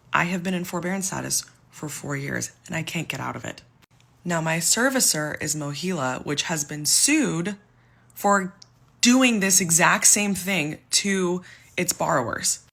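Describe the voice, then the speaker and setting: Young woman, low voice, husky, gravelly, exasperated emphatic rant. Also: pushed and bright. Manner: exasperated and emphatic, close to tears. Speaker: civil servant venting about debt. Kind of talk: candid talking-to-camera rant.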